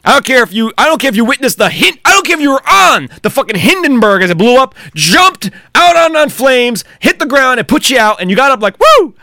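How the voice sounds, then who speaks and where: A man hosting a podcast, delivering an angry, profanity-laden solo rant with heated shouting outbursts. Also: extremely high pitch, very animated, a little fast, hardly any pauses, no room sound. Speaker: podcast host.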